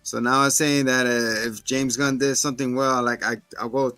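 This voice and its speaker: A man co-hosts a laid-back film review show, narrating scenes and jumping into character voices as he goes. His voice is bright and forward. The sound is dry and close, with faint music underneath. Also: medium pitch, normal speed, no echo. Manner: animated, acts out movie scenes in voices. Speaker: podcast co-host. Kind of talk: casual movie review chat.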